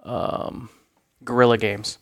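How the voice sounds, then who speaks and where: A man's voice: medium pitch, little pitch movement, takes it slowly, fairly bright tone. A man co-hosting a gaming podcast, chatting casually and knowledgeably, with dry jokes and lots of fillers. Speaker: podcast co-host. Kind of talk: casual chat.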